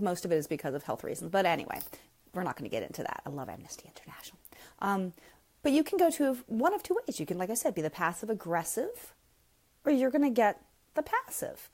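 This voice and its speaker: A middle-aged woman hosts a live parenting question-and-answer session and answers viewer comments as they come in. She talks bluntly and frankly and leans hard on her points. Her pitch swings sharply upward whenever she gets animated. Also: fairly quick. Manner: animated, with sudden jumps up in pitch. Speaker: parenting coach host.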